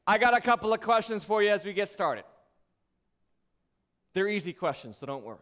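A pastor with a high, light voice preaches from a church stage. He keeps throwing rhetorical questions at the congregation and slips in playful asides, his delivery lively and conversational. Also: brisk. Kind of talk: sermon. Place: church sanctuary.

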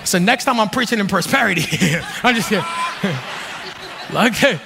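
A man in his thirties, a pastor, preaching a sermon with jokes, dropping to low asides and rising to shouted peaks. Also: lively intonation, normal speed, vocal fry, background noise. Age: 30s. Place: church hall. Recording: long reverb of a large hall.

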